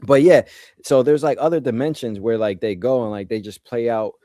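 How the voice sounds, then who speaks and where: A man talking in a relaxed, casual way about spiritual experiences, with many "you know"s and "man"s. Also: mid-range voice, brisk, no echo, clean studio sound. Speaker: podcast co-host. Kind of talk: casual chat explaining spiritual ideas.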